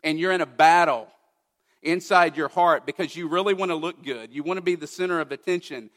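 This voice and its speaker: A man's voice: a little high, brisk, a bit bright, in a large hall. A man preaching a sermon as pastor, earnest and conversational, with personal asides to the congregation. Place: church sanctuary.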